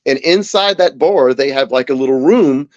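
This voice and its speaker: A man in his forties, a talk show guest, telling stories in a casual, lively way and acting out the voices of the people in them. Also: mid-range voice, moderate pace, no room sound, dull audio. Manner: animated anecdote teller, acts out quoted voices. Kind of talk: casual storytelling.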